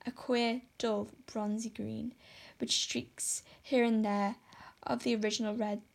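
A woman reads a classic novel aloud in steady, measured narration. Her voice sits fairly high and stays flat in melody. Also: creaky. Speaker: audiobook narrator. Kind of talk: scripted narration.

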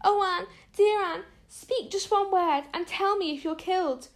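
A woman's voice: extremely high pitch, unhurried, voice pushed up. A woman voicing a frantic young girl who shrieks and pleads over her fallen friend, read from a storybook. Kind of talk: storybook reading.

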